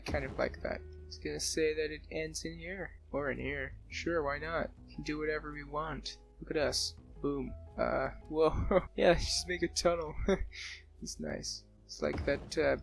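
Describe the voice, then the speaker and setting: A man giving casual gameplay commentary, excitable, often laughing and exclaiming at what he sees. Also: fairly high pitch, vocal fry. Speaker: let's play gamer. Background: soft background music.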